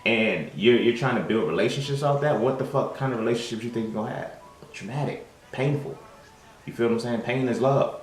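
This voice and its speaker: A young man hosts his own show in a fairly quick, medium-pitched voice, recorded with roomy echo. His casual monologue is packed with streetwise slang, swearing and frequent fillers.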